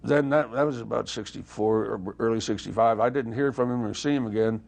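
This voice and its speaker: An older man telling anecdotes in a casual interview, lively and acting out the dialogue he remembers. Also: medium pitch, fairly quick, vocal fry. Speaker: interview guest, former touring guitarist.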